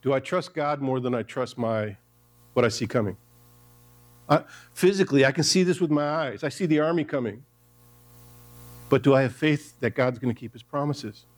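A man's voice: medium pitch, moderate pace, long pauses. A man, a pastor, preaching a sermon in a church, talking conversationally and turning to the congregation with asides.

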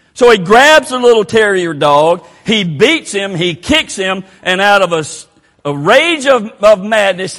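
A high-voiced man preaches a sermon in a church. He tells a story, dropping to a hush and then building to shouts. Long reverb from the hall hangs on every phrase. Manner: storytelling, swelling from hushed to shouted.

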